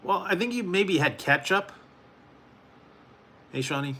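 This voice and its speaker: Streamer host, male, bright tense tone, rambling chatty delivery with frequent chuckles, faint background hum. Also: high-pitched, lively intonation, measured pace. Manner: rambling, chuckling, talks to chat viewers. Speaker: food reviewer hosting a live stream. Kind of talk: casual late-night live stream chat.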